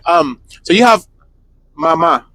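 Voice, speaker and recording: Laughing, teasing young man, lively pitch. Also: normal speed, a little hiss or hum. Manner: laughs often, explains in a joking teasing way. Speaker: podcast co-host. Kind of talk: casual chat.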